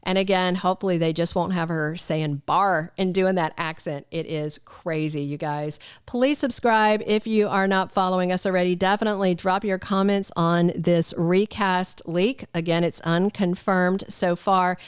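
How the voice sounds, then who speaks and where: A woman's voice: lowish voice, fairly even intonation, moderate pace, hardly any pauses, clean tone, no room sound, studio quality. Chatty woman hosting soap gossip news. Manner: chatty, gossipy, addresses viewers directly. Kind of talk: casual spoken news chat.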